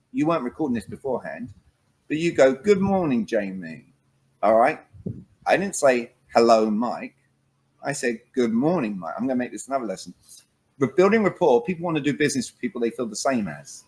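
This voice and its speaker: Man, husky, animated, emphatic, interview guest. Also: medium pitch, a little fast, poor audio. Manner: lively, acts out phone calls, emphatic. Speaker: communication coach, guest. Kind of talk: animated interview talk with acted examples.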